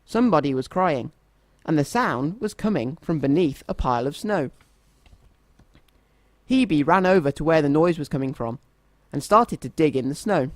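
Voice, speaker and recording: A man reading a children's story aloud in a gentle, expressive storytelling manner. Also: on the high side, moderate pace, no room sound.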